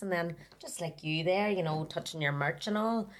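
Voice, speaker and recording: A woman from Tyrone with a Northern Irish accent, chatting casually as a podcast guest with a lively, sing-song way of talking. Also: on the low side, normal speed. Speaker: podcast guest, business owner. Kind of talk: casual chat.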